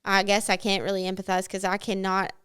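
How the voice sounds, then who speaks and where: Smooth-voiced woman bantering. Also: medium pitch, monotone, a bit bright. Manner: quick interjecting banter. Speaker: podcast co-host. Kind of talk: casual chat.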